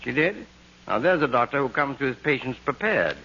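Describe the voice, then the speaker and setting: An actor playing a harried, henpecked husband with a dry, grumbling wit, in 1940s radio comedy acting. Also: male voice, medium pitch, big pitch swings, brisk. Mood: reluctant. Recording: dull, lo-fi old radio broadcast with faint hiss.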